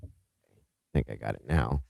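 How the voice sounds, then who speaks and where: A man's voice: a bass voice, takes it slowly, gravelly, darkish tone, no echo. A man hosting a live true-crime stream, chatting casually and upbeat as he greets viewers by name, with small stumbles, on a close mic.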